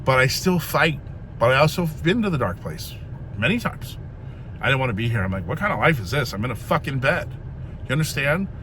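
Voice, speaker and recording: A man's voice: medium pitch, very animated, a little fast, bright, forceful tone, slight background noise. A man in his fifties giving a rambling, emphatic motivational talk in a blunt manner, swearing freely. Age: 50s. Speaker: vlogger. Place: gym.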